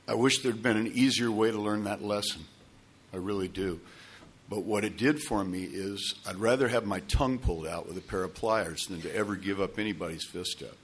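A man's voice: on the low side, moderate pace. A man telling a long personal story to a recovery group, rambling with restarts and asides. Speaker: speaker sharing at a recovery meeting.

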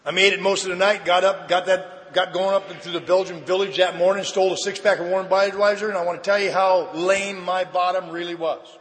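A man giving a personal recovery testimony at a meeting, telling his story lively and acting out the dialogue. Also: high voice, a little fast, few pauses. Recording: echoey hall.

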